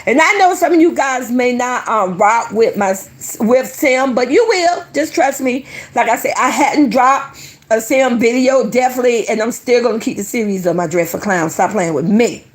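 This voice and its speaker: A woman with a high-pitched voice giving casual commentary to her online audience. She is animated and emphatic and keeps addressing her viewers directly. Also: moderate pace. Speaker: online content creator.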